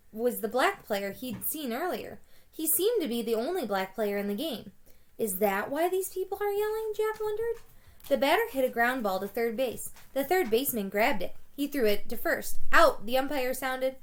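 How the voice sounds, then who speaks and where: A woman's voice: a little high, animated, normal speed. A woman teacher reading a children's chapter book aloud to her students in a plain storytelling way, sometimes stopping to correct a slipped word. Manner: plain storybook reading with small self-corrections, livelier on shouted quotes.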